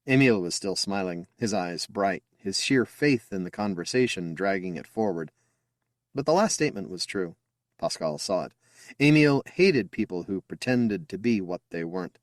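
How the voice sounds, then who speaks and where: A man's voice: deep voice, lively intonation, normal speed, no room sound, studio quality. A man reading a science fiction story aloud as an audiobook narrator, telling it expressively. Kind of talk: scripted narration.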